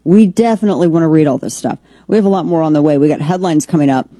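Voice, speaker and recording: A woman's voice: deep voice, rapid-fire, dark tone, no echo. A woman hosting a political commentary show, opinionated and rambling, with frequent restarts. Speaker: podcast host.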